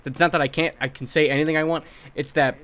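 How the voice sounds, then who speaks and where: A young man co-hosting a podcast in casual chat, telling workplace stories in a blunt, profane, animated way. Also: on the high side, fast talker. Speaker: podcast co-host.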